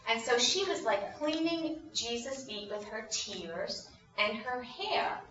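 A woman's voice: on the high side, slow, a little hiss or hum. A woman telling a Bible story to a group of children, asking them questions as she goes. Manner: animated, asks the children questions. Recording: roomy, distant, dull sound.

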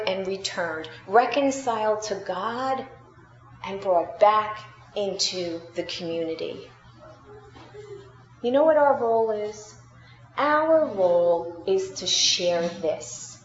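A woman preacher delivering a sermon, telling a story slowly and deliberately, rising and dropping for emphasis. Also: medium pitch, a little hiss or hum. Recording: roomy, dull sound with faint ambience.

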